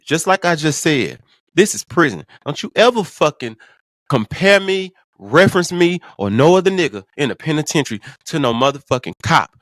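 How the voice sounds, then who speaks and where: A man voicing a towering, stern prison mentor who barks blunt, profane orders. The voice sits fairly high for a man, in a dry, close-sounding space, as a storyteller quotes him. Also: big pitch swings, moderate pace, a bit bright, no echo.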